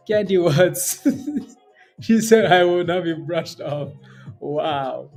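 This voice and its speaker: A man's voice: a little high, slow, vocal fry, darkish tone, soft background music. A man hosting a day-trading livestream in casual chat, joking, laughing often and bantering with viewers and his phone assistant. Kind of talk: casual live-stream chat.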